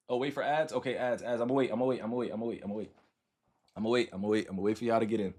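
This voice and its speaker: A man's voice: lowish voice, steady tone, very fast, darkish tone, soft background music. A man in his thirties casually talking to his livestream chat, loose and repetitive, often tagging his sentences with "right?" and "all right?".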